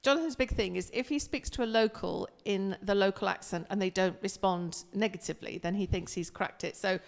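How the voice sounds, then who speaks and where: A woman's voice: mid-range voice, brisk, gravelly, in a large hall. A woman co-hosting a live music stream, teasing her partner and sending cheerful greetings to viewers. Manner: teasing, warm-hearted, cheerfully chiding. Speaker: co-host. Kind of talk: casual live-stream chat.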